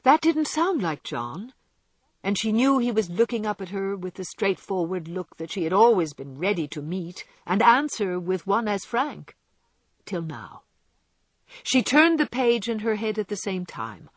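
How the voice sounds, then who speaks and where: Woman narrator, husky, dry close sound, expressive classic-novel reading. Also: medium pitch, dry recording. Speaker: audiobook narrator. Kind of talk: storybook narration.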